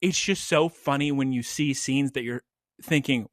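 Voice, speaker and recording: A man's voice: medium pitch, normal speed. A man co-hosting a casual podcast, rambling through stories, laughing and acting out his own reactions. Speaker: podcast co-host.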